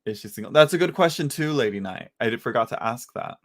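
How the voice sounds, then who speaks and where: A tarot reader gives casual live readings to viewers from his home, chatty and halting, often restarting and using filler words. His voice is medium-pitched and animated.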